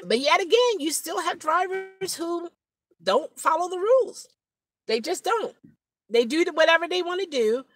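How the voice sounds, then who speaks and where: Unhurried, reflective woman driver vlogging in her car, easy laughter, drawn-out folksy sayings. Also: high voice, a bit bright, no echo, low-quality recording. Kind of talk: casual vlog monologue. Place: inside a car.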